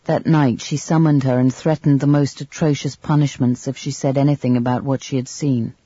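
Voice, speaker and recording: A man narrating a literary novel in a measured, even storytelling manner, on a slightly dull, dry recording. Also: medium pitch, breathy edge, dry recording. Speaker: audiobook narrator.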